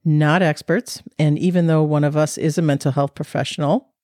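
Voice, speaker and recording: A woman's voice: low-pitched, fairly even intonation, moderate pace, darkish tone, no echo. A woman co-hosting a podcast, teasing and dry in casual banter. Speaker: podcast co-host.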